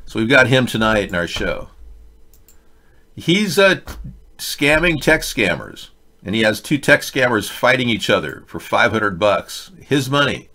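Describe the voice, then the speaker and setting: A man's voice: mid-range voice, sharp tone. Sarcastic rambling male livestream host. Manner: rambling, sarcastic, wisecracking asides. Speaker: livestream host reading chat. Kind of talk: casual political commentary livestream.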